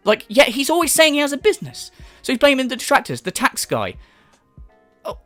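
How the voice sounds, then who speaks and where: A man ranting in a commentary video, swearing freely and mocking with heavy sarcasm. His pitch swings up and down a lot. The sound is dry and close, with faint music underneath. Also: wildly swooping pitch, fairly quick, a bit bright, no echo. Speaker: commentary channel host. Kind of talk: angry commentary rant.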